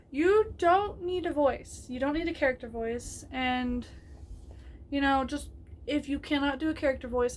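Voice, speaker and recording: A woman's voice: high-pitched, a little hiss or hum. A woman giving casual, rambling advice on a tabletop game, with many fillers and restarts, laughing often.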